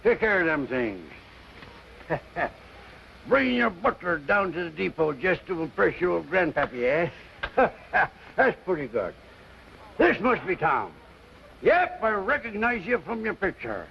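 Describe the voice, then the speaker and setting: An older actor playing a boastful, folksy old Western grandfather with a loud drawl and rustic grammar, in 1950s film acting. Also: sits high, very animated, unhurried, creaky, long pauses, exaggerated voice. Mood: jovial. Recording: dull old film soundtrack, faint hiss.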